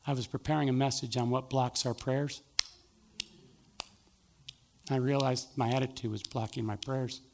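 Gravelly-voiced pastor telling a story. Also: male voice, mid-range voice, moderate pace, long pauses, noisy background. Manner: animated storyteller acting out both sides of a dialogue. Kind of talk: sermon with storytelling.

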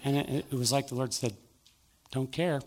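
A man's voice: medium pitch, steady tone, fast, darkish tone, a little hiss or hum. A middle-aged male pastor preaching a sermon, telling a personal story and acting out both sides of the conversation.

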